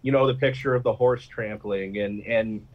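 A man's voice: on the low side, steady tone, moderate pace, dull audio. A man talking as a panel guest in a casual political chat, rambling and piling up details with fillers.

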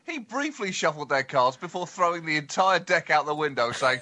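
A man co-hosting a satirical comedy podcast, telling stories in a lively, mock-grand way and building up to punchlines. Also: on the high side, fairly quick, noisy background.

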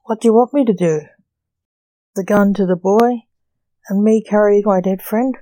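A woman's voice: mid-range voice, moderate pace, dark tone, no room sound, natural voice, poor audio. A woman reading as a snappish male magician. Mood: curt. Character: male magician, sharp-tongued partner.

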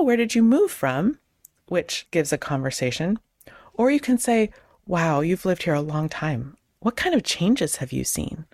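A woman host in her thirties giving casual advice on conversation, acting out both sides of sample chats in quick changes of voice. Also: lowish voice, creaky, a little mellow, no room sound, clean studio sound. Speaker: podcast host; clergy.

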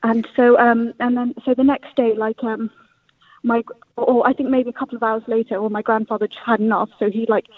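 A man's voice: very high voice, flat delivery, fairly quick, dry recording. Man, rambling storyteller, dry tinny phone-line sound. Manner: rambling, many fillers and restarts. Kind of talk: casual storytelling.

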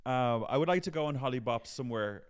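A man's voice: mid-range voice, expressive, fast, clean tone. A young man co-hosting a podcast, chatting in a camp, joking way. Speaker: podcast co-host. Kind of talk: casual chat.

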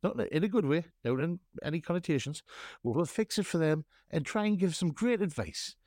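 A man co-hosting a podcast with a fairly high, very animated voice. He talks with mock-grand, theatrical flourishes in a dry, close recording. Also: fairly quick, no echo. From North East England. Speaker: podcast co-host. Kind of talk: casual chat.

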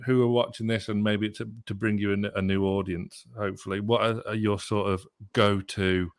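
A man's voice: fairly low pitch, little pitch movement, normal speed, no room sound, studio quality. A male podcast co-host chatting casually and loosely, laughing along with his guest. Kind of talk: casual interview chat.

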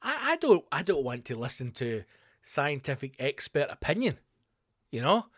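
A man's voice: fairly high pitch, sing-song, normal speed, fairly bright tone, dry recording, studio quality. A male comedian telling a rambling, profane comic story as a podcast host.

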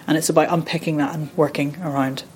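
A woman's voice: low-pitched, little pitch movement, quick pace, darkish tone, slight background noise. A woman in her thirties, a voice and accent coach, talking in a chatty, rambling way with frequent restarts in a podcast interview. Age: 30s.

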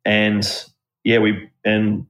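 A man's voice: on the low side, monotone, extremely slow, a bit bright, highs cut off. An Australian man talking casually as a podcast guest, telling rambling anecdotes. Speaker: guest, former country cricket coach.

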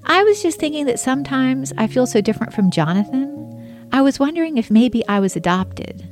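A woman's voice: high-pitched, animated, fairly quick, a little mellow, faint music behind, pitched above the performer's own voice. A woman voicing her younger self as a curious, stubborn teenage girl pressing her parents. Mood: eager. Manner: eager, wheedling. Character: curious, pushy teen girl.

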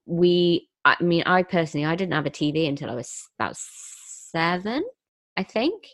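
A young woman with a notably deep voice hosts a casual podcast chat. The sound is dry, with no room around it. She talks in a thoughtful, reflective way. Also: animated, normal speed, a bit bright, no room sound. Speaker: podcast host.

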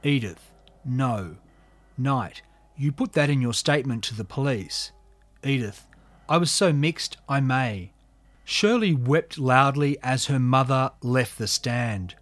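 A man narrating a true crime story, reading court testimony in a measured, subdued way. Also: medium pitch, animated, a bit bright, no room sound.

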